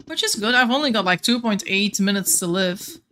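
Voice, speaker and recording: A woman's voice: mid-range voice, lively intonation, fairly quick, sharp tone, slight background noise. A young woman with a light Flemish accent, chatting casually and thinking aloud while playing a game on stream, often restarting her sentences.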